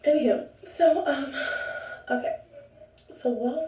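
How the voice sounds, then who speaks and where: A young woman vlogs at home, speaking to the camera in a rambling, chatty manner that keeps interrupting itself. Her fairly high voice has a dark tone, and she's unhurried, pausing often. Sound is echoey and distant from the mic.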